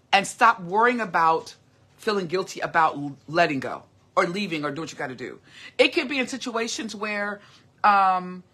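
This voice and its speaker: A middle-aged woman talks straight to her viewers in a heartfelt livestream, earnest and encouraging. Her voice is bright and forward, with a husky, breathy edge. She doubles back on her words and restarts her sentences as she goes. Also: medium pitch. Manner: earnest and encouraging, often repeats herself and restarts. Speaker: host of a motivational live video. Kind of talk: casual heartfelt livestream talk.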